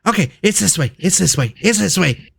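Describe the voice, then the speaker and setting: A man's voice: high voice, animated, brisk, creaky, noisy background, voice pushed up, exaggerated voice. A man voicing an eager little male imp servant who repeats himself and fawns on his boss in a tabletop game. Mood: excited. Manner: fawning, repeats itself.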